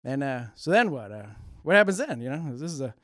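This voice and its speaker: A drawling, deadpan comedian voice that rambles along, halting on every uh and you know, as a man puts him on in a local TV studio. The tone sits a little high, and the sound is close and dry. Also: no echo. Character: impression of a famous deadpan male comedian, drawling.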